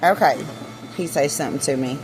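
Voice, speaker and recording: A woman's voice: deep voice, a little fast, over music. A woman vlogging casually in her backyard, nervous and swearing as she talks to her chickens. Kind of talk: casual chat. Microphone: handheld phone camera.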